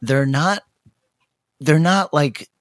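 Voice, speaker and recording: A podcast co-host, male, chats casually and rambles through a story, full of fillers and acted-out quotes. He speaks extremely slowly in a voice on the high side, captured as clean studio sound with no echo.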